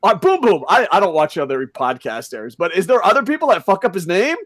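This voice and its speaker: A man co-hosting a casual podcast, ranting loudly with lots of swearing. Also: high voice, sing-song, a little fast, dry recording. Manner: loud, profane ranting. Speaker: podcast co-host.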